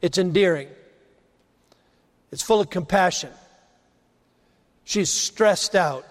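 A man preaching a sermon, rising to emphasize points and dropping low and quiet on key phrases. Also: slow pace, long reverb tail.

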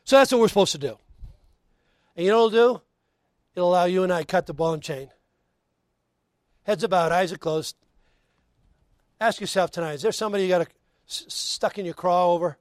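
This pastor's high voice moves fairly quickly but is broken by long pauses as he preaches, alternating loud emphasis with hushed tones and folksy asides amid scripture readings. He finishes by leading a prayer and altar call, and there's no echo.

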